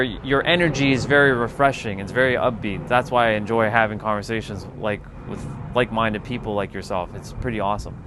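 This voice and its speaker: A man hosting a casual livestream, relaxed and easygoing as he answers chat comments one by one. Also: medium pitch, background noise. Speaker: livestream host.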